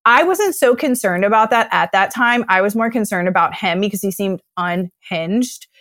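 A woman's voice: medium pitch, lively intonation, moderate pace, a bit bright, no echo, studio quality. A young adult woman telling her own story on a podcast, emotional and full of "like", acting out her past thoughts.

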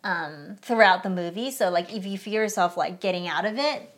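A woman's voice: medium pitch, normal speed. Chatty young woman co-hosting a podcast. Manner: chatty, animated, frequent "like" fillers. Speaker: podcast co-host. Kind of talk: casual movie review chat.

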